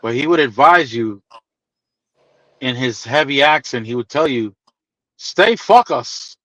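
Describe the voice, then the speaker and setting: A man's voice: mid-range voice, moderate pace, sharp tone, dry recording, low-quality recording. A man in casual group chat, playfully telling a story and teasing his friends.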